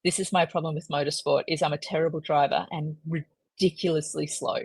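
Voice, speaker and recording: A woman with a lowish, husky voice tells stories as a podcast guest. She is lively and self-mocking, and the close recording is dry. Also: brisk, dry recording. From Australia. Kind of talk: casual storytelling in a podcast interview.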